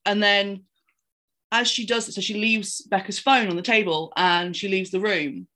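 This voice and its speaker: A woman, chatting casually as a podcast co-host and retelling a film in an animated, rambling way. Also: medium pitch, normal speed. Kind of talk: casual chat recapping a film.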